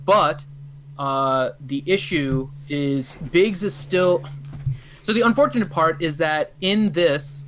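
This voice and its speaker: A man's voice: fairly high pitch, slow, a bit bright, poor audio. A man co-hosting a casual gaming livestream, explaining strategy in an easygoing, joking way. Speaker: co-host.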